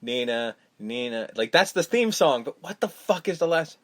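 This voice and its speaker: A man co-hosting a casual podcast, recapping a film, swearing freely and acting out scenes in quick put-on voices. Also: mid-range voice, expressive. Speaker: podcast co-host.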